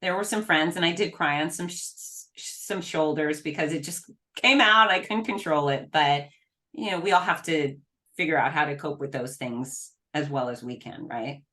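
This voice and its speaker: Low-voiced earnest woman guest. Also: a bit bright. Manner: earnest, emphatic, quick restarts. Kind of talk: candid interview talk.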